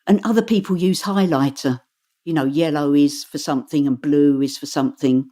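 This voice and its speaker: A woman audiobook narrator talks in an easy, conversational interview manner, animated and quick to laugh. Her voice sits low. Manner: chatty and animated, laughs often, demonstrates voices. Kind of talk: casual interview chat.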